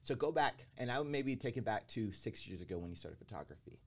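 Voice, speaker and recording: A man hosting a podcast, encouraging and affirming, asking his guest questions in a relaxed chat. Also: medium pitch, quick pace. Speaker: podcast host. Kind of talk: casual podcast conversation.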